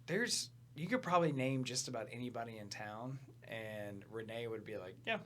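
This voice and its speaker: A man's voice: medium pitch, moderate pace. A man hosting a casual podcast chat, laid-back, slangy and joking. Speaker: podcast host.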